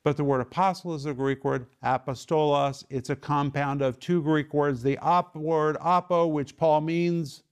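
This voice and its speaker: A man's voice: a little high, fairly even intonation, a little slow, hardly any pauses, smooth. A man teaching the Bible to a small home group, emphatic and fond of repeating key phrases and quizzing his listeners. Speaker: Bible teacher and TV ministry host.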